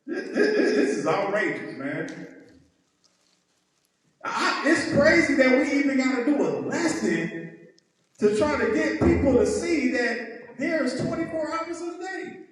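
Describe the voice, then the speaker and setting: A man's voice: very high voice, sing-song, unhurried, long pauses. A man teaching a heated Bible lesson, emphatic and mocking, often tagging his points with "right?". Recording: echoey hall, mic far off.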